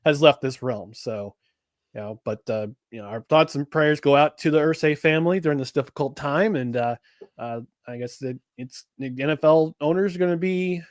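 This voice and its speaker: A man's voice: fairly high pitch, moderate pace, no room sound, clean studio sound. A man co-hosting a casual podcast, rambling with many restarts and fillers. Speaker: podcast co-host.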